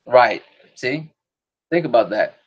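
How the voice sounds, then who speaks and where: A man's voice: mid-range voice, animated, takes it slowly, dull audio. A man hosting a podcast stream, chatting casually in a rambling, profane way and laughing often. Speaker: podcast host. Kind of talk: casual solo stream chat.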